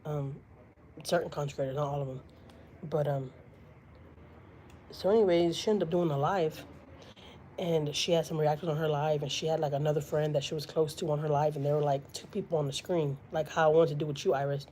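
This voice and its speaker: Lady vlogging a long story, warm dark tone, faint room hum, lots of "you know". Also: deep voice, fairly even intonation, a little fast, poor audio. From Houston, Texas. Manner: chatty, many fillers, quotes others dramatically. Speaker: vlogger on a live stream. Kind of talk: casual storytelling to viewers.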